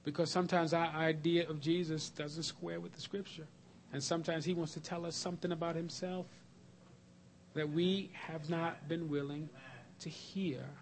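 A man preaching a sermon, swinging between loud, emphatic lists and hushed, slow passages. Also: on the high side, little pitch movement, a little hiss or hum.

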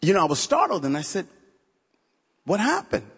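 A man's voice: on the high side, very animated, very fast, a bit bright, husky, in a large hall. A man, a pastor, telling his own testimony during a sermon in a conversational, storytelling way, full of "you know" asides. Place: church sanctuary.

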